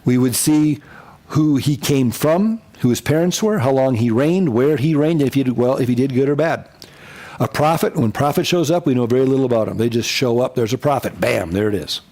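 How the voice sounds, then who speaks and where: Man, pastor, bible lecture, lively, repeats key points, acts out quotes. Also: mid-range voice, fairly quick. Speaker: pastor teaching a Bible class.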